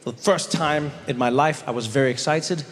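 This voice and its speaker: A male stand-up comedian telling a travel story on stage, animated and quick to jump into high quoted voices, on a handheld mic. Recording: long hall reverb, faint noise.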